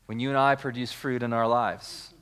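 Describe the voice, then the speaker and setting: A man's voice: medium pitch, fairly even intonation, normal speed, a bit bright, clear, resonant tone. A man preaching a sermon, reading scripture aloud and then explaining it with repeated words, restarts and rising emphasis, calling on the congregation to join in. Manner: restarts phrases, calls on the congregation. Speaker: pastor.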